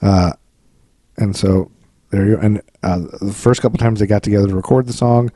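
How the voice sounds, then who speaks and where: Casual man, dark mellow voice. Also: lowish voice, fairly even intonation, fairly quick, no echo, studio quality. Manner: rambling, jokey, tries silly accents and sings snatches. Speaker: podcast co-host. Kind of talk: casual chat about eighties pop culture.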